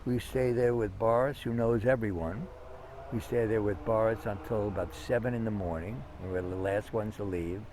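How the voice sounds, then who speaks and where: A man's voice: lowish voice, moderate pace, background noise. A man telling long anecdotes in a conversational interview, rambling with fillers and restarts. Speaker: interview guest. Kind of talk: conversational storytelling.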